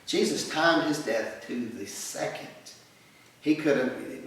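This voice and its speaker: A man's voice: mid-range voice, normal speed. Man teaching, echoey and distant. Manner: vivid, storytelling delivery with fillers and acted quotes. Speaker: Bible teacher. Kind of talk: Bible lesson storytelling.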